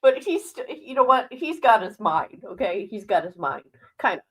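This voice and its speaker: A woman's voice: medium pitch, big pitch swings, normal speed, a bit bright, rough recording. A middle-aged woman hosting a casual livestream, talking bluntly and frankly to her viewers and laughing often between remarks. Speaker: livestream host.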